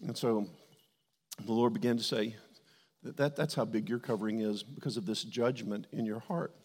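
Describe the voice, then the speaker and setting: A man's voice: lowish voice, moderate pace. Man preaching a story in a reverberant hall. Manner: candid storytelling with sudden loud quoted outbursts. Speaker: pastor. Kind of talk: sermon.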